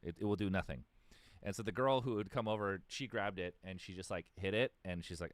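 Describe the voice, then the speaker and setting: A man's voice: fairly low pitch, brisk, no echo. A man, a musician guest in a casual interview, telling stories in a rambling way with lots of fillers and restarts.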